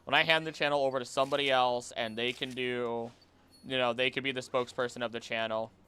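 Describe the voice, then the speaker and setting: A man's voice: medium pitch, little pitch movement, fast, pushed and bright, clear, resonant tone. A young man streaming a game and chatting casually with his chat, repeating himself and using many fillers.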